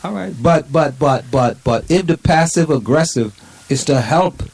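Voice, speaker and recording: A man co-hosting a talk show in loose banter. His pitch swings widely and he stumbles over himself, repeating words before he gets them out. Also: lively intonation, unhurried, vocal fry, darkish tone, low-quality recording. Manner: stammering, repeats words when flustered. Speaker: co-host. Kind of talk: casual banter.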